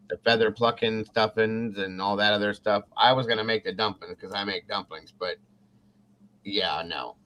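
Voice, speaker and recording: Animated man telling a wild story. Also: lowish voice. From Ohio. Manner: animated, swears freely, acts out quotes. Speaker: podcast host. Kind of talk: casual storytelling.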